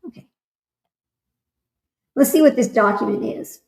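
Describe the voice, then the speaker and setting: A woman's voice: a little high, a little slow, gravelly, darkish tone, echoey room, low-quality recording. A woman hosting a casual livestream, reading aloud and chatting loosely with her viewers. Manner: reads aloud, then chats loosely with viewers. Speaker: livestream host.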